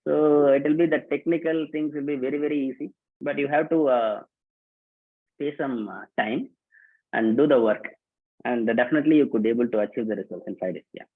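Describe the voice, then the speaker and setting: This workshop host has a medium-pitched voice, keeps a moderate pace, and pauses often. Hosting a live online workshop on a video call, he greets people by name and repeats instructions in a casual way, all through thin, phone-like audio.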